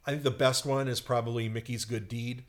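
Guy in casual chat, lively storyteller telling old cartoon plots, mid pitch. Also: a little fast. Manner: animated storyteller, acts out squeaky cartoon voices in quotes.

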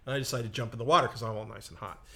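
Bright-voiced man telling a rambling story. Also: mid-range voice, rapid-fire, vocal fry. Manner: rambling anecdote with self-mocking asides. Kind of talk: casual storytelling on a comedy talk show.

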